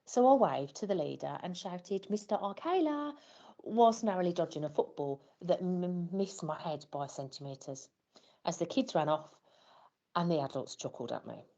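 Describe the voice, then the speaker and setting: A woman's voice: on the low side, moderate pace, gravelly, warm tone. A woman telling a scripted first-person story as a flustered parent, wry and self-deprecating. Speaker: parent in a training scenario.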